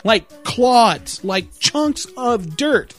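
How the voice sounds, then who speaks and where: A man's voice: lively intonation, drawn-out words, soft background music. A young man doing a crude, exasperated comic rant about fixing computers, swearing often and laughing mid-sentence. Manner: mocks customers in a shrill put-on voice. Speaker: computer repair guy ranting.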